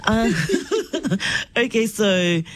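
A congested-sounding speaker co-hosts a radio show. They chat in an animated, storytelling way, steady mid pitch, in a studio. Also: very slow. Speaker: radio co-host and children's author. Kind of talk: casual on-air chat.

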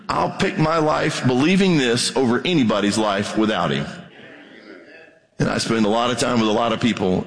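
A man's voice: mid-range voice, long reverb tail, rough recording. A man preaching a sermon, reading scripture aloud and asking the listeners earnest questions.

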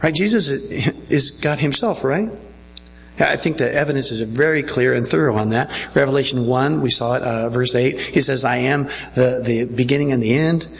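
A man's voice: medium pitch, normal speed, gravelly, slight background noise, rough recording. A male pastor preaching a sermon earnestly and checking in with his listeners.

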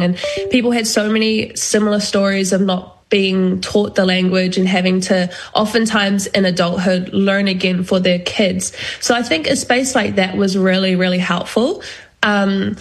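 A young adult woman speaking as an interview guest in casual conversation. She is thoughtful and pauses often with ums. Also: medium pitch.

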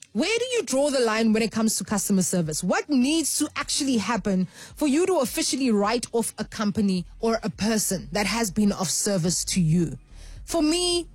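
Radio host, woman, slightly high-pitched, animated storyteller, faint music bed. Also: no room sound. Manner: animated storyteller, acts out voices. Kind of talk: call-in radio chat.

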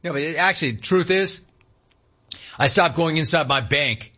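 A middle-aged man hosting a sports talk radio show, ranting in an animated, sarcastic way. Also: fairly high pitch, moderate pace, long pauses, highs cut off.

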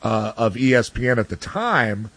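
Man, mid pitch, blunt sports pundit who rants and restarts often; dry, close recording. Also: sing-song, moderate pace, fairly bright tone, no echo. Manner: blunt, ranting, many restarts and fillers. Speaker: sports commentator guest. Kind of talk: casual opinion talk.

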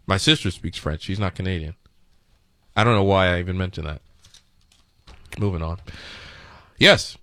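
A man hosting a talk radio show, mocking the clips he plays with quick sarcastic asides. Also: deep voice, pushed and bright, no echo, studio quality.

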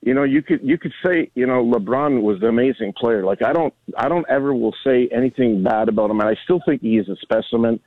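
A man's voice: medium pitch, quick pace, hardly any pauses, no room sound. A man in his sixties calling into a sports radio show, rambling earnestly with many restarts. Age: 60s. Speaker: caller. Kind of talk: casual call-in chat. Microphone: phone. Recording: tinny phone line.

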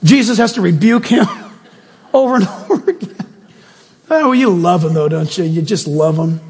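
A male pastor preaching a sermon in an animated, jokey way, often asking the congregation questions. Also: high voice, normal speed, breathy edge, long reverb tail.

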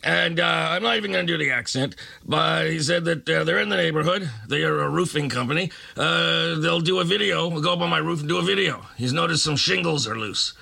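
A man's voice: a little high, a little fast, vocal fry, few pauses, bright, forceful tone. A man hosting a late-night radio show, delivering a sarcastic, ranting comic monologue.

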